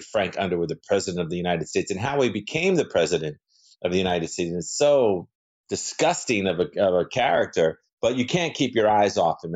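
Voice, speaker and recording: Deep-voiced man rambling warmly in interview. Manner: rambling, self-correcting, animated. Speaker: guest actor. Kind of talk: casual interview chat.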